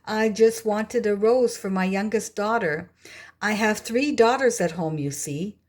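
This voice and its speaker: A woman voicing a tired, sad older father in a storybook, speaking softly and wearily in a husky voice. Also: medium pitch, a little slow, lightly acted. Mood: weary.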